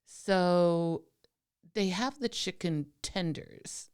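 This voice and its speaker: A woman co-hosting a podcast in playful casual chat, laughing often and pitching whimsical ideas. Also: drawn-out words, darkish tone, clean tone. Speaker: podcast co-host.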